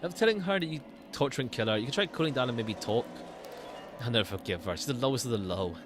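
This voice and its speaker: Male streamer, reads game lines aloud, expressive, mid pitch. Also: quick pace, noisy background. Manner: animated, switching between characters. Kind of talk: reading game dialogue aloud.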